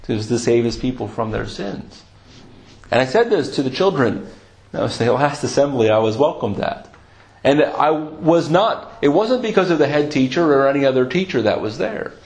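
A man's voice: mid-range voice, darkish tone, rough recording. A man preaching a sermon, emphatic and full of rhetorical questions.

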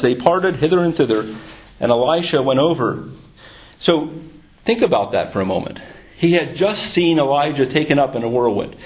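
A man's voice: fairly high pitch, a little mellow. A man preaching a sermon, reading scripture aloud and then explaining it with growing fervor.

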